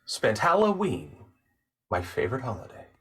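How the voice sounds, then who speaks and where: A young man with a husky, bright voice chats casually as a podcast guest. His pitch jumps all over as he tells stories. He slides between quiet, trailing mumbles and sudden loud, excited bursts. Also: moderate pace, distant mic. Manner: animated storyteller, swings from low mumbling to loud excited bursts. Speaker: podcast guest, actor and narrator. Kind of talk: casual chat.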